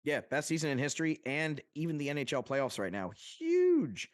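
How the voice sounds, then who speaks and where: A man co-hosting a podcast from Long Island, New York, talking in a casual chat that is excitable and rambling, with casual swearing. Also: fairly high pitch, normal speed, no echo, clean studio sound. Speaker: podcast co-host.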